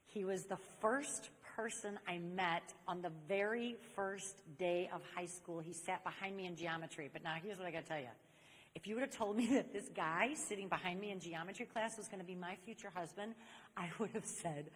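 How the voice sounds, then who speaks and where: Talking quickly in a mid-range, fairly bright voice, a woman from Saint Louis, USA delivers an inspirational talk on chastity to a live crowd. She narrates stories animatedly and addresses listeners directly, and the large convention hall gives the audio an echoey reverb.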